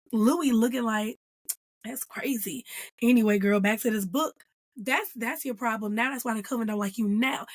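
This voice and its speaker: A woman with a slightly high voice recaps a TV episode in an animated, emphatic chat. She is recorded dry and close, with almost no room sound. Her tone is casual, as if talking to a friend. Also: dry recording. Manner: animated and emphatic, acting out characters' lines and calling them "girl". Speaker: host reviewing a TV episode.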